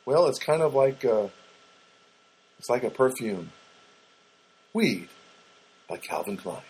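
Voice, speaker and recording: Very animated but taking it slowly, a man with a darkish, mid-range voice hosts a podcast over poor audio with slight background noise. His story is loose and rambling, packed with fillers and restarts, and he speaks chattily right to his listeners.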